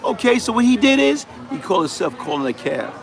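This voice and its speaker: A man's voice: high voice, big pitch swings, fairly quick, gravelly, music in the background, a crowd in the background. A middle-aged man, telling a personal story on a live stream in emphatic street slang. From New York City. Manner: emphatic street-slang storytelling, repeats "you know what I'm saying". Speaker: livestream host.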